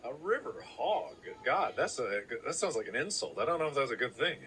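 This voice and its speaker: A man's voice: medium pitch, sing-song, a little fast, sharp tone, a little hiss or hum, poor audio. A man co-hosting a casual podcast chat, riffing with sarcastic, playful jokes. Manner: joking, sarcastic, playful riffs. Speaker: podcast co-host.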